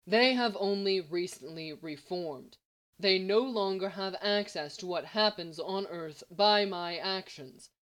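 A woman's voice: mid-range voice, unhurried, a bit bright, close to an everyday voice. Brief: a woman voicing a calculating male villain, confident and lecturing. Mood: calm. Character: smug scheming male genius villain.

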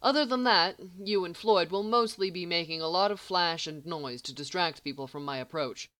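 A woman's voice: fairly low pitch, moderate pace, a bit bright, lightly acted. Vrouw die een scherpe, ongeduldige geniale man speelt. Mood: brisk. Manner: snappish, commanding. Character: sharp-tongued impatient genius man.

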